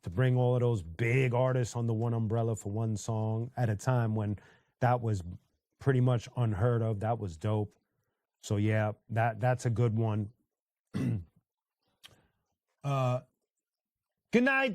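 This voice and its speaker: In a dry recording, a male livestream host chats casually, reading the chat, greeting people by name, and often using fillers and starting over. His mid-range voice keeps a steady tone and a measured pace, broken by long pauses.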